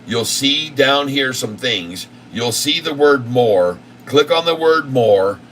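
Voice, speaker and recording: A man's voice: mid-range voice, lively intonation, takes it slowly, a bit bright, soft background music. A man hosting live stock market commentary, insistent and repetitive as he rattles off long lists of prices. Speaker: channel host. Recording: distant mic with faint air conditioning hum.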